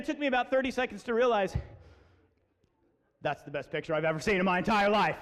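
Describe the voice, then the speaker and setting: Man, 40s, school assembly speaker, high lively voice, acts out voices, long hall reverb. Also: fast talker, long pauses. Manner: animated, acts out voices, comic. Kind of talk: storytelling talk to students. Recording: echoey hall.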